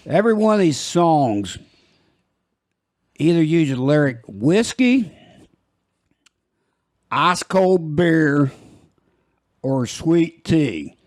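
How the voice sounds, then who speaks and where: A man's voice: fairly high pitch, sing-song, drawn-out words, long pauses, a little mellow, dry recording, studio quality. An older man with a small-town American twang, hosting a podcast and telling rambling jokey stories in casual chat. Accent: rural American twang. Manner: rambling, joking, laughs at his own stories. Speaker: podcast host.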